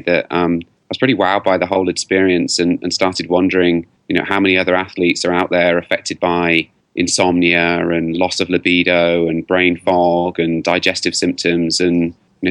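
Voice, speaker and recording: British man, low voice, candid storytelling, dry close sound. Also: fairly bright tone, no room sound. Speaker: guest. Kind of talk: podcast interview.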